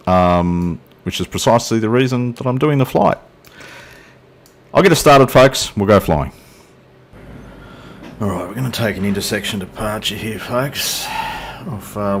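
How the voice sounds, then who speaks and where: Against a noisy background, a middle-aged man with a voice on the low side gives casual commentary on a flight sim video. He's chatty, runs himself down in jest, and kids around with a silent co-pilot while flying.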